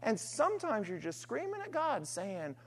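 A woman preaching a sermon, earnest and emphatic, alternating forceful stress with quiet, trailing phrases. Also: on the high side, huge pitch swings, normal speed, husky. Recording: long hall reverb.

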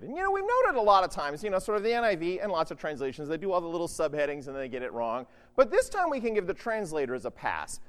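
A preacher giving a conversational Bible teaching, often checking in with "right?" and swinging between loud, emphatic lines and hushed ones. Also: medium pitch. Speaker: preacher teaching on the Gospel of Luke. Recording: long hall reverb.

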